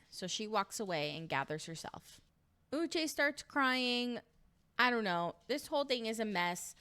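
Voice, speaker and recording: A woman's voice: on the high side, animated, a little slow, fairly bright tone. A young woman talking casually to camera as she recaps a reality dating show, chatty and opinionated, swearing freely.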